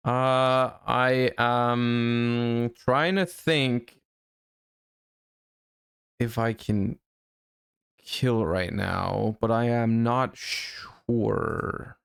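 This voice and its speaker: A man streaming a card game live, thinking his plays through out loud, with sudden excited outbursts. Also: medium pitch, extremely slow, vocal fry, long pauses, smooth, no room sound, studio quality. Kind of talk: live-stream gameplay commentary.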